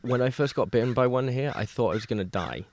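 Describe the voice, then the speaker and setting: A man's voice: medium pitch, fast talker, a little hiss or hum. A man hosting an interview outdoors at a lakeside camp, laughing easily. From England. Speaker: podcast host. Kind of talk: casual interview chat.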